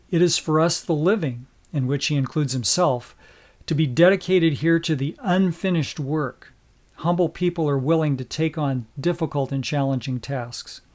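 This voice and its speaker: A man narrating a scripted lesson in a measured, solemn manner. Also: on the high side, a little mellow. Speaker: instructor.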